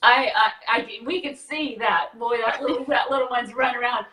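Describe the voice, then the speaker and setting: A woman's voice: a little high, moderate pace, sharp tone. A woman interviewer, teary and gushing in an effusive way. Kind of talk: casual interview. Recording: roomy, distant mic.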